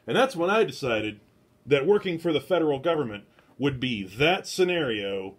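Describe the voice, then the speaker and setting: A man's voice: mid-range voice, big pitch swings, moderate pace, husky. A man hosting an online book club from home, talking in a meandering, self-deprecating way into a phone. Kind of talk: rambling casual livestream talk.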